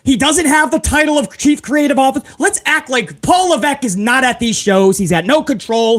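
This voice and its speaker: Male host with a high voice, profane and ranting, often shouting. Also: a little fast, hardly any pauses. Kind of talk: profane live-stream rant.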